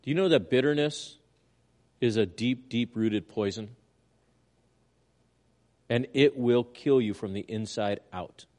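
An older man, a pastor preaching a sermon, earnest, with loud emphatic lines and quiet asides, in a mid-pitched voice. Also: unhurried, pauses often.

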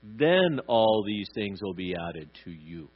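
A man preaching a sermon, animated, acting out short voices as he tells his points. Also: on the low side, slow, dull audio. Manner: animated, acts out little voices for God and parents. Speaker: pastor.

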